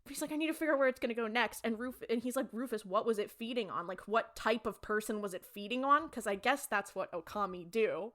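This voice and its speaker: Speaking quickly with hardly any pauses, a young woman co-hosts a podcast in a slightly high, somewhat bright voice. She casually recaps a TV episode, retelling it with animation and acting out what the characters said.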